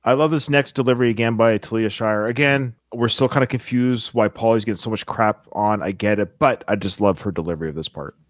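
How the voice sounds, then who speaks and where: A man hosting a podcast, chatting about a film in an animated, enthusiastic way. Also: fairly low pitch, fairly quick, hardly any pauses, no room sound, studio quality. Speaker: podcast host. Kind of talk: casual film discussion.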